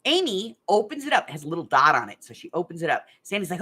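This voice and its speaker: Chatty craft channel lady, swears casual, bright voice going up and down a lot. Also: on the low side, fast, breathy edge. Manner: animated, blunt, swears casually. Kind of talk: casual storytelling and hosting a live game.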